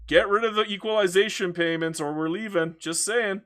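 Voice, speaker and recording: A man's voice: high voice, fairly quick, a bit bright. A Canadian man from Alberta, streaming a strategy game and chatting casually, ranting with plenty of swearing and laughing between jabs. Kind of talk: casual livestream chat.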